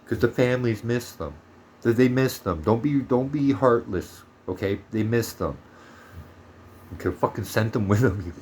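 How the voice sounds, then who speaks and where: A man's voice: on the low side, lively intonation, normal speed, a little mellow, a little hiss or hum. A man from Canada ranting heatedly in a monologue vlog, swearing often and turning sarcastic. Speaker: vlogger.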